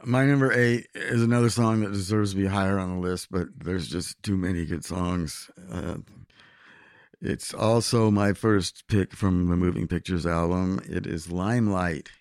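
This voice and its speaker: A man co-hosting a podcast, reading out earnest, admiring song reviews in a measured way. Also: sits low, no echo, clean studio sound. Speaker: podcast co-host.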